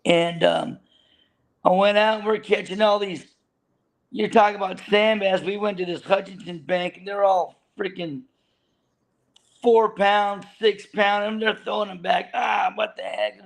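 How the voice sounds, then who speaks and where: Speaking a little slowly with fairly even intonation, a man with a high voice tells a long, meandering story about working on a fishing boat. The guest, a veteran deckhand, keeps restarting and laughing in this casual storytelling chat.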